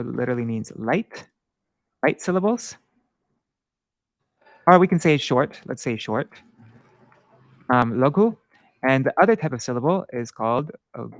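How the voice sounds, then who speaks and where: A man giving an informal screen-share lesson on Sanskrit verse, halting with many fillers and self-corrections. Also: mid-range voice, dry recording. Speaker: Sanskrit teacher.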